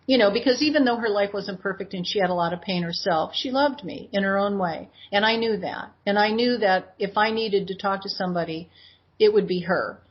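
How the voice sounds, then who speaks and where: A woman in her sixties, a guest in an interview, telling her personal story in an animated way and acting out what she said back then. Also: mid-range voice, fairly quick, breathy edge. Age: 60s. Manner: animated retelling that acts out her own past words. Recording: dull lo-fi audio.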